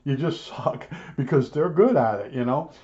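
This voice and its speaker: An older man rambles through stories in a blunt, grumbling tone, often stopping to restart his sentences. His voice sits at an ordinary male pitch. The home video audio sounds dull and lo-fi. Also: lively intonation, normal speed, mellow. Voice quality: blunt, grumbling, repeats himself with frequent restarts. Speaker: electronics repairman vlogger. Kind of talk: rambling storytelling rant.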